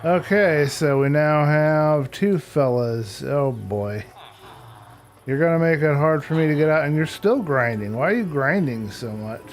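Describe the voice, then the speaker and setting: A man streaming a game live chats casually with his viewers, his fairly high voice unhurried and lively in intonation. He mutters to himself and mildly complains about technical glitches.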